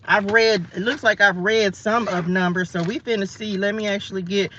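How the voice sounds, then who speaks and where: A woman's voice: mid-range voice, steady tone, moderate pace, a bit bright, dull audio, a little hiss or hum. A woman from the American South, hosting a casual morning Bible study livestream from her car, chatty, playful, laughing at herself. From Southern United States. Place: parked car.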